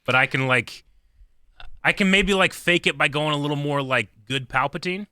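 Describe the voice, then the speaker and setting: A man co-hosting a podcast in casual chat, jokey and quick to laugh. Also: on the high side, sharp tone, smooth, dry recording. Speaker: podcast co-host.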